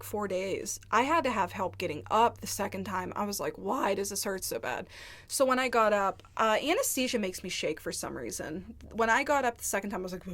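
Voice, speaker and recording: Woman, vlogger, casual storytime, candid, rambling, lots of filler words, mid pitch. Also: fairly bright tone. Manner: candid, rambling, heavy use of "like". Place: indoors, seated at home.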